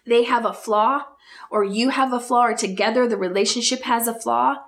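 A woman's voice: fairly high pitch, fairly even intonation. A woman hosting her own podcast, talking straight to her listeners with rhetorical questions, earnest and openly emotional. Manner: earnest, emotional, speaks in slow emphatic bursts. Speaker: podcast host. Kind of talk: heartfelt solo podcast talk.

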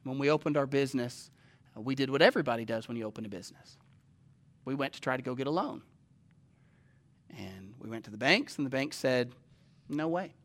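A man preaching a sermon in a conversational way, asking his listeners questions and swinging from loud urgency to slow, hushed reading. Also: mid-range voice, lively intonation.

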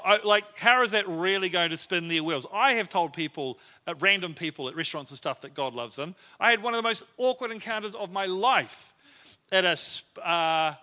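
A man's voice: high-pitched, pushed and bright. A man preaching a sermon in a church, telling stories in a conversational, self-deprecating way. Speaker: pastor.

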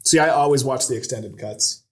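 A man's voice: medium pitch, a little fast. A man co-hosting a casual podcast chat, enthusiastic and rambling with lots of fillers. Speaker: podcast co-host.

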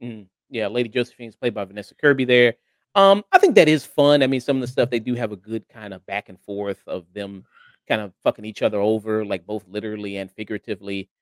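A man's voice: lowish voice, fast, no room sound. A man hosting a casual review chat, talking in a rambling way with lots of hesitant fillers. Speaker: podcast host.

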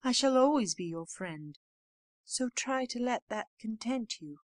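A woman's voice: on the high side, animated, measured pace, dry recording, pitched above the performer's own voice. A kind, truthful young heroine from a storybook, speaking earnestly and firmly in a somewhat raised voice, as a woman reader puts her on. The sound is dry and close. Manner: earnest, firm and candid.

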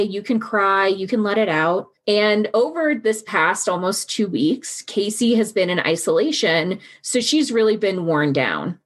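A woman's voice: mid-range voice, husky. Outspoken woman telling a crime story. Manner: casual, outspoken, swears, recounts events with quoted voices. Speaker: podcast host. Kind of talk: true crime podcast storytelling.

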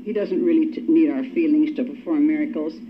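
At a recovery meeting, an older woman gives a personal testimony in a self-mocking, wry way. She has a low-pitched voice and a brisk delivery. Faint hiss runs through a dull, lo-fi recording.

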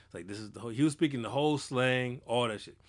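A man from Massachusetts co-hosting a podcast, telling loose, animated stories full of slang and swearing. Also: medium pitch, fast talker. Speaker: podcast co-host. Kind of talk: casual chat.

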